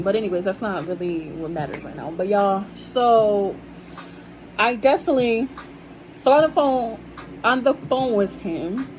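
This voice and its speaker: Chatting with viewers she calls y'all, a young adult woman vlogger shares a casual storytime about her life. She speaks at a medium pitch over poor audio with a bit of hiss or hum.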